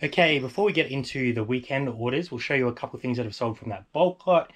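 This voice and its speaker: A young Australian man co-hosts an eBay reselling vlog, chatting through items and prices in a casual walkthrough. His voice is medium-pitched, expressive and quick, and he lists sales in a matter-of-fact way.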